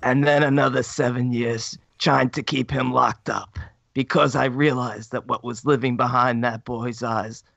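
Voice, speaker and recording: A man putting on a grim, obsessed male psychiatrist recounting his past, read in a slow, solemn way. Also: medium pitch, level tone, vocal fry, fairly bright tone, dry recording, lo-fi sound, pitched below the performer's own voice.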